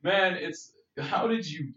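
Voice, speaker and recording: A man's voice: on the high side, slow. Canadian man chatting on a roomy podcast. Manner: animated, filler-heavy storytelling. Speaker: podcast co-host. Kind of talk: casual chat. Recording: roomy, distant, dull-sounding mic.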